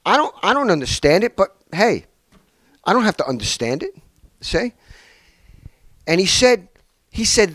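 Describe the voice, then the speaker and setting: A man preaching a sermon, telling stories in an animated way with many restarts. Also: high voice, unhurried, pauses often, no room sound. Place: small church hall.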